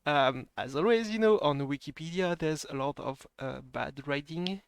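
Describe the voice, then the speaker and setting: French man with a gravelly voice. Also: fairly high pitch, moderate pace, a loud crowd. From France. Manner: chatty, laughs often, mixes in French phrases. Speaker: stream host. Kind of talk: casual live-stream chat.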